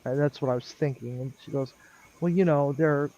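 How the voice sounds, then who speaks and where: A man telling a long work story on a live stream in a rambling, chatty way, with lots of ums and lively quoted dialogue. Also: fairly high pitch, brisk. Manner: chatty, lots of ums, animated when quoting others. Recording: dull lo-fi dry sound.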